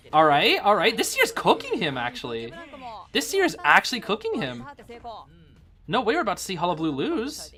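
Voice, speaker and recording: A man streaming live game commentary on a tournament match, excitable and chatty, thinking aloud and breaking into laughter. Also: high-pitched, moderate pace.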